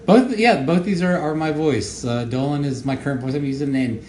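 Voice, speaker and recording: A man who made the show gives casual audio commentary, rambling and halting with many fillers and repeated words. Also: medium pitch, dark tone. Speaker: show creator giving commentary. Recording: echoey room with faint noise.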